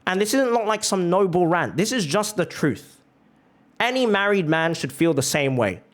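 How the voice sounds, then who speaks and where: A man's voice: high voice, sing-song, normal speed. Fired-up male streamer ranting. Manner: impassioned, profane, repeats phrases for emphasis. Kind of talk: heated reaction rant on stream.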